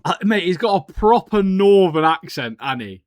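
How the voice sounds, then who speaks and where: A man co-hosts a podcast with casual, jokey banter about anime and TV, ending phrases with "mate." His high voice is expressive and at normal speed, laid-back in manner, recorded with clean studio sound and no echo.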